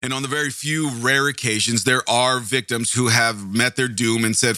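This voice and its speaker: Sharp-voiced rambling male podcast host. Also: medium pitch, fairly even intonation, moderate pace, no echo, clean studio sound. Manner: rambling, self-interrupting, swears casually. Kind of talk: casual true-crime podcast narration.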